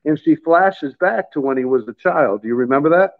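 A middle-aged man tells a personal story in an unhurried, halting way. He repeats words and sounds close to tears. The sound is thin and tinny, like a phone line. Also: fairly high pitch, lively intonation. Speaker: guest telling his faith story. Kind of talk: casual storytelling.

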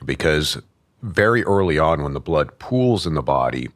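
Extremely deep male voice, instructive case analyst. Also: sing-song, moderate pace. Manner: methodical and instructive. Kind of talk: analytical commentary.

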